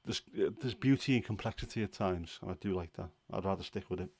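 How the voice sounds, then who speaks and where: A man's voice: low voice, a little fast. A man hosting a casual livestream, chatty and opinionated, rambling with fillers. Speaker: livestream host.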